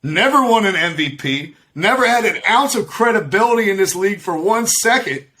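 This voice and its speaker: A man's voice: high-pitched, animated, fairly quick, sharp tone, slight background noise. A man co-hosting a podcast on a video call, riffing on sports in a joking, profane way and laughing often. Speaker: podcast co-host. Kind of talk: casual sports chat.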